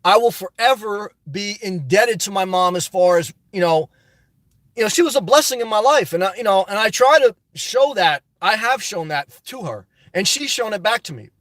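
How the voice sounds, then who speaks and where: A man's voice: high-pitched, lively intonation, normal speed, a bit bright, no room sound. A middle-aged man hosting a live stream, reading viewer comments aloud and answering them in passionate, ranting casual talk. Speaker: livestream host. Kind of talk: casual live-chat reply.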